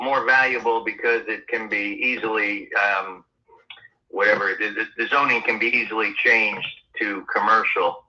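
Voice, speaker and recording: A man selling his house on a phone call, hesitant and full of ums, clearing his throat. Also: on the low side, pushed and bright. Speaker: home seller on a phone call.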